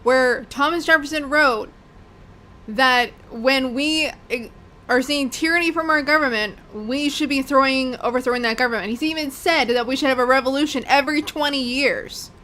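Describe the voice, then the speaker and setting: Bright, high-voiced woman, blunt and animated. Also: normal speed. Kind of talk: casual political chat.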